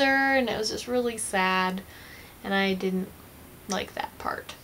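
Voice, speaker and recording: A woman's voice: medium pitch, slow pace, fairly bright tone, slight background noise. A young woman vlogging a casual, chatty movie review, gushing like a fan and giggling often.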